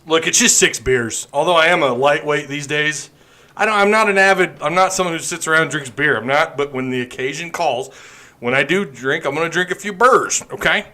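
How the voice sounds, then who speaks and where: A man's voice: on the high side, lively intonation, a little fast, pushed and bright. A man hosting a podcast live stream, chatting loosely and joking while drinking beer. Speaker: podcast host. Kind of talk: casual live stream chat.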